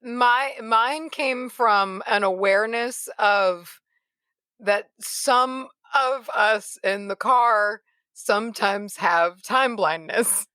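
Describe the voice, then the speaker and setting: A woman's voice: on the high side, drawn-out words, pushed and bright, clear, resonant tone, dry recording. A woman co-hosting a podcast in casual chat, wry and talkative with frank swearing. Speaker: podcast co-host.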